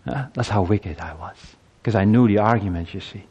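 A man in his fifties preaching a sermon, moving from quiet reflection to loud, urgent appeals. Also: fairly low pitch, moderate pace, breathy edge, muffled recording. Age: 50s.

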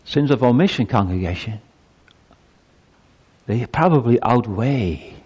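A male pastor delivers a sermon in a church, and his voice rises and falls widely. He presses his points with emphatic rhetorical questions, and a long reverb trails each phrase. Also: slightly rough. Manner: preaching with lively pitch swings and emphatic rhetorical questions.

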